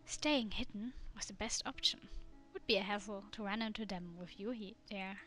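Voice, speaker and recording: A woman's voice: medium pitch, normal speed, fairly bright tone, faint music behind, lightly acted. A woman voicing a smug, cocky young man in a game, with dry teasing lines.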